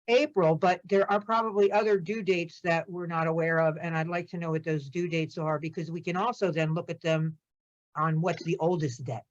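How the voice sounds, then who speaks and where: Board member, female, deliberate and measured, muffled video-call sound. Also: fairly low pitch. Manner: deliberate, pausing to think. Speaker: board member reviewing accounts. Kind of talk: business meeting discussion. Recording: dull video-call audio.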